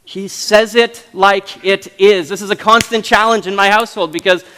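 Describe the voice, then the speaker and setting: A Canadian man in his thirties delivers a sermon in a chatty, animated way, often restarting his sentences. His voice sits a little high for a man. The sound carries the long reverb of a church hall. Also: moderate pace, slight background noise. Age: 30s. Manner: animated, conversational preaching with restarts. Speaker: pastor. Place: church sanctuary.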